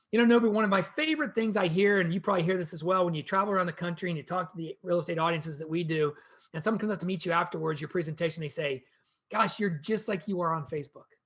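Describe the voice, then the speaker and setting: A man presenting a real estate training session in an energetic, conversational way, speaking to a co-host and the viewers. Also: high-pitched.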